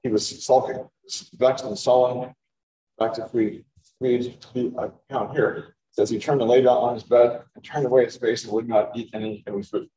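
With a warm, steady tone at a moderate pace and medium pitch, a preacher gives Bible teaching over lo-fi sound. His sermon is conversational, with frequent word repetitions as he gropes for phrasing.

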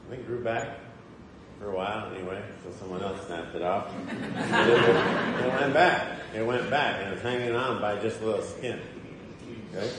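A man's voice: fairly low pitch, normal speed, background noise. A man giving a conversational sermon in a church hall, often putting questions to the congregation. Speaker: preacher. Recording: echoey hall, faint ambience.

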